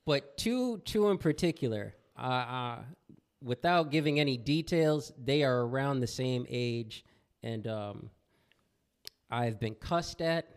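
A man's voice: medium pitch, expressive, slow pace, clear, resonant tone. Earnest young man talking frankly. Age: young adult. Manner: earnest, repeats phrases, frank. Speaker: podcast co-host who works with kids in a clinic. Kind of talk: casual chat.

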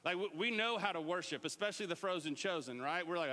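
Male pastor, high and bright, lively joking sermon, hall reverb. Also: fast. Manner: lively, joking, talks straight to the congregation. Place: church sanctuary.

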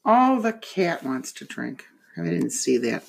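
Husky-voiced grandmother reading a picture book. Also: fairly low pitch, sing-song, measured pace. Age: older. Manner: patient, gently questioning a small child.

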